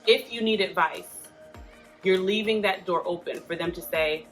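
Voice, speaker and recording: A woman's voice: lowish voice, normal speed, faint music behind. A woman hosting a casual advice talk, speaking in a chatty, earnest way with frequent asides. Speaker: host giving parenting support advice.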